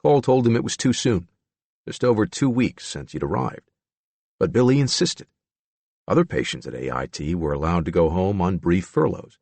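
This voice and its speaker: A man narrating an audiobook in a measured, expressive storytelling manner. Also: low voice, vocal fry, dry recording.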